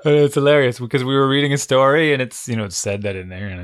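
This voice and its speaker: A man's voice: mid-range voice, lively intonation, very fast, smooth, no room sound. A middle-aged man co-hosting a podcast, chatting casually and telling stories about his kids. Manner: chatty storyteller, parent anecdotes. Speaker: podcast co-host. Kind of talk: casual chat. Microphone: studio microphone.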